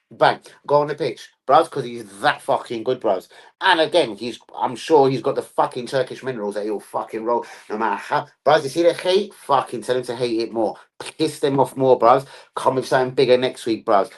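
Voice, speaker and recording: A man's voice: mid-range voice, brisk. A young man hosting a football live stream, talking in rowdy, profane slang-heavy banter.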